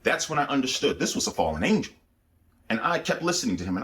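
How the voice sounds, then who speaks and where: A man's voice: medium pitch, big pitch swings, quick pace, a bit bright, a little hiss or hum. A man telling a personal spiritual testimony, speaking intensely with repeated phrases and restarts. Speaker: speaker giving a religious testimony.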